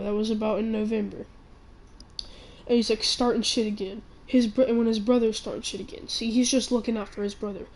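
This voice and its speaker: A teenage girl rants into the camera in a rambling, halting way, tripping over restarts as she grows indignant. Her voice sits a little high, but she barely moves it up or down. A faint hum of room sound lies underneath. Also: a little mellow, poor audio. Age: teens. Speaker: channel owner. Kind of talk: ranting vlog.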